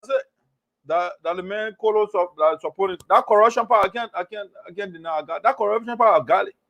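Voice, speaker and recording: A man hosting a political talk show, animated and mocking, repeating phrases for emphasis. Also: sits high, fast talker, creaky, dull audio, a little hiss or hum. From Liberia. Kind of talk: political commentary monologue.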